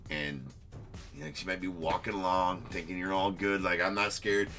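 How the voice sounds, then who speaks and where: A man's voice: low voice, steady tone, normal speed, over music. A man hosting a live card-breaking stream, joking and teasing a viewer as he gives casual commentary.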